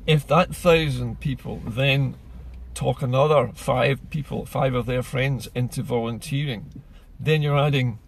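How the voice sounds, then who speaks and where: A man's voice: medium pitch, vocal fry, a little hiss or hum. A man, speaking in an earnest, persuasive political monologue full of rhetorical questions. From Scotland. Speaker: political commentator.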